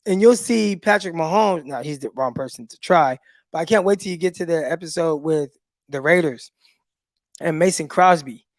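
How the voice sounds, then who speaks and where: A high-pitched man co-hosting a sports podcast, telling stories in a lively way and acting out the quotes. His voice sounds dry and close to the mic. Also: moderate pace, no echo. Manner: animated storyteller, acts out quotes. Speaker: podcast co-host, former cornerback. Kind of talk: casual sports podcast chat.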